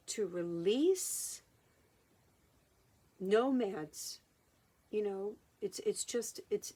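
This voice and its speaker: A woman hypnotherapist speaking in a personal vlog monologue, halting and reflective, often restarting her sentences. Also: medium pitch, a little mellow. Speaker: hypnotherapist and channeler.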